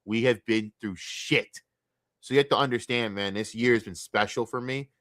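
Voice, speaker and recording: A young man streaming a casual, profane and rambling sports rant, talking excitedly. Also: medium pitch, normal speed, no echo, studio quality.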